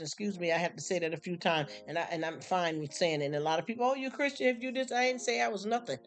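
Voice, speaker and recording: Fired-up woman ranting on a live stream. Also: on the low side. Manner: blunt, fired-up, mocking impressions. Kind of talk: venting to live chat.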